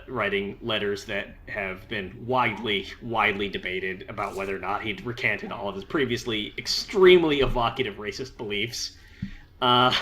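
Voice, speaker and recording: A man giving joking, excitable commentary in casual chat over gameplay. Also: on the low side. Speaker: let's play commentator.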